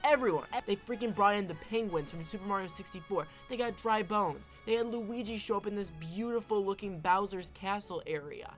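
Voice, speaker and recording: A woman's voice: mid-range voice, a little fast, few pauses, soft background music. A woman giving casual opinion commentary as an online film commentator, emphatic and often tagging her points with "all right?".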